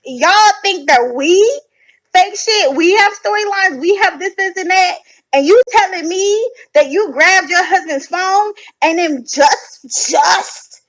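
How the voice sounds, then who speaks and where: A woman giving casual reaction commentary from home at night, animated, sassy and blunt, swearing freely. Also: very high voice, slow pace, poor audio. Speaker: online commentator reacting to videos.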